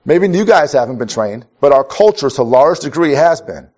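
This is a man's medium-pitched, sing-song voice at normal speed, a little mellow. He's from Minnesota and preaches a chatty sermon full of wry stories, frequently starting his sentences over, captured on a dull lo-fi recording.

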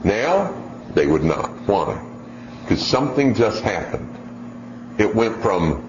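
A man teaching on child training in a sermon style, animated and acting out nagging parents. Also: fairly low pitch, slow, pauses often. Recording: echoey, dull lo-fi recording with faint hiss.

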